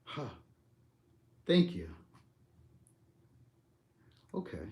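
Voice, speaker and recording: A man's voice: on the high side, big pitch swings, drawn-out words, gravelly, mellow. Laid-back man chatting on a live stream. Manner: laid-back, slangy, talks to viewers by name. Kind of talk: casual live chat reading comments.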